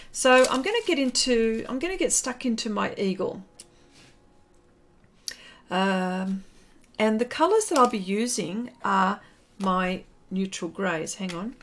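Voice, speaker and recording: A woman's voice: medium pitch, slight background noise. An Australian woman chatting casually on a live stream while she paints, greeting viewers by name and rambling with fillers.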